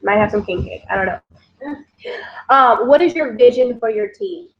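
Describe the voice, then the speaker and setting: A woman, a team leader giving an energetic motivational recap who keeps calling her listeners "guys". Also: on the high side, moderate pace, vocal fry, slight background noise. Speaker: network marketing team leader. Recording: dull lo-fi sound.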